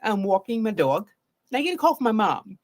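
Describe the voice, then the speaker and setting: A woman therapist from Baltimore, speaking live to her viewers in an expressive way and acting out her own reactions as she talks. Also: mid-range voice, fairly quick. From Baltimore, Maryland. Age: adult with a grown daughter.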